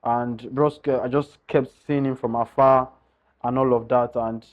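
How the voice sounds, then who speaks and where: A man's voice: mid-range voice, steady tone, measured pace. Guy telling his story, earnest and candid, keeps saying guys, kinda muffled audio. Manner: earnest, often addresses listeners as guys. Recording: slightly dull lo-fi sound.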